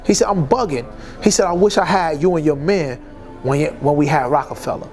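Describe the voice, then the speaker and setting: A New man tells a story in a relaxed interview, slipping into the voices of the people he quotes as he goes. His voice sits a little high for a man, and music plays clearly underneath. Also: a little fast. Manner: animated, acts out quoted dialogue in street slang.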